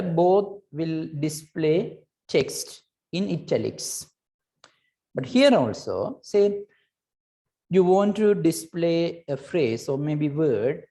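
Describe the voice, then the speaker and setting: A woman's voice: sits low, warm tone. A woman teaching a recorded lesson, patiently explaining and checking in with "right?" between points, with hesitant restarts.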